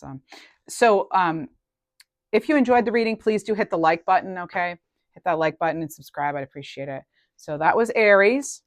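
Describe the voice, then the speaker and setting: In a dry recording, a woman whose voice sits low delivers a relaxed collective tarot reading. She muses out loud in a chatty way, regularly trailing off before picking things back up.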